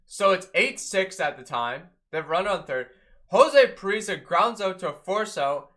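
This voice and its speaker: A man giving an excitable, chatty fan recap of a baseball game, talking to viewers as a fan. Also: high voice, measured pace. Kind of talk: casual game recap vlog.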